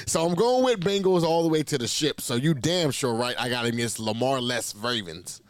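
A man co-hosting a casual sports talk show, brash and profane, trash-talking with animated swings. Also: mid-range voice, brisk, hardly any pauses, no echo. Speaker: podcast co-host.

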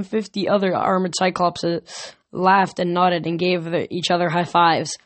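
A man's voice: high voice, steady tone, normal speed, dry recording. A man reading a novel aloud casually, with small slips and restarts. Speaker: audiobook reader. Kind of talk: amateur audiobook reading.

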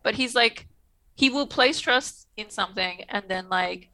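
A woman's voice: mid-range voice, unhurried, sharp tone, poor audio. A woman co-hosting a casual podcast, rambling and swearing freely with frequent laughs. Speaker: podcast co-host. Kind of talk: casual chat about a TV episode.

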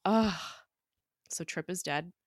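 A woman's voice: lowish voice, takes it slowly, no echo, clean studio sound. A woman co-hosting a podcast, recapping an episode in a casual, chatty way, with plenty of fillers and frequent laughs. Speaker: podcast co-host.

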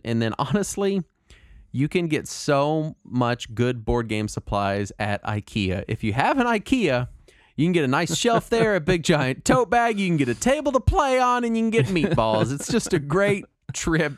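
A man co-hosting a casual podcast chat, talking in a rambling, animated way with lots of fillers and restarts. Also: on the high side, measured pace, no echo, studio quality. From Texas. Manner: rambling, animated, puts on silly voices when quoting people. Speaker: podcast co-host.

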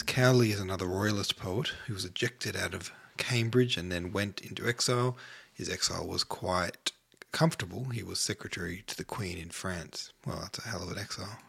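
Man, podcast host, short of breath, low husky voice, rambling casual chat. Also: fairly bright tone. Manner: rambling, offhand, drops to near-whisper at times.

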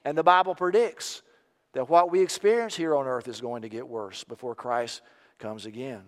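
An older man preaches with fervor, his fairly high voice climbing to loud, emphatic peaks. His tone is smooth and resonant. Long reverb trails each phrase, as in a large sanctuary. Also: animated, unhurried. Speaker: pastor. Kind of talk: sermon.

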